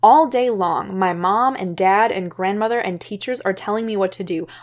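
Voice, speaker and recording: A woman's voice: fairly low pitch, little pitch movement, unhurried. Woman playing a fed-up teenage girl lashing out. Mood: angry. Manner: outburst, exasperated. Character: fed-up shy teenage girl finally snapping.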